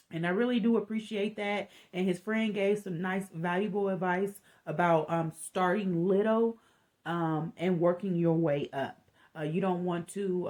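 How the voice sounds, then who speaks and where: A woman's voice: on the low side, darkish tone. A woman giving a casual, chatty recap of a reality TV episode, speaking candidly and calling herself sensitive.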